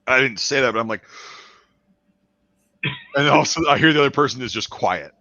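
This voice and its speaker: A man's voice: mid-range voice, fast talker, no room sound, lo-fi sound. A man telling a rowdy army story in casual podcast chat, swearing freely and acting out the moments. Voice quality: profane, animated storyteller. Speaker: podcast host.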